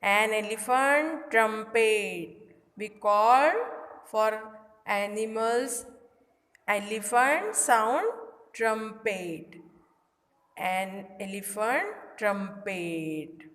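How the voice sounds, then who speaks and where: A woman's voice: fairly high pitch, a bit bright. A woman teaching young children in a recorded lesson, using simple repeated phrases and imitating animal sounds. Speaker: kindergarten teacher. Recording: echoey room with long reverb.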